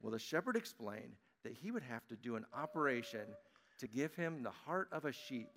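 Animated man telling children a story. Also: medium pitch, moderate pace, a little hiss or hum. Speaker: pastor giving children's message. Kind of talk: children's sermon and storybook reading. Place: church sanctuary. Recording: long church-hall reverb.

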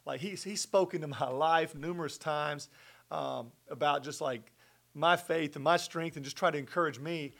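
A middle-aged man telling a personal faith story as a guest in conversation, earnest and animated. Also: a little high, normal speed, creaky. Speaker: guest sharing his testimony.

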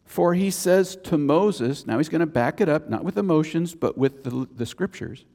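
A man's voice: fairly high pitch, animated, normal speed, gravelly, warm tone. A man preaching a sermon as a pastor, conversational, with chatty asides between points. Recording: long reverb of a church hall.

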